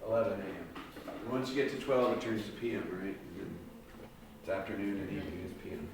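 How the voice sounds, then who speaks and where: A man's voice: on the low side, quick pace, vocal fry, background noise. A man tutoring a group of students through algebra word problems, guiding them with patient questions. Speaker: math tutor. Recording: very echoey room, mic far off.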